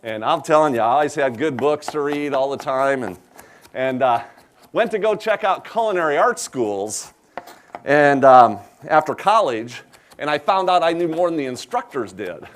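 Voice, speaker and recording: A man with an Upper Midwest American accent chats his way through a live cooking demonstration, folksy and quick to joke. His voice sits a touch higher than most men's. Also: lively intonation. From South Dakota, USA. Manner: chatty, folksy, self-deprecating humor. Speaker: chef giving a cooking demonstration. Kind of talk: live cooking demo with chat to audience.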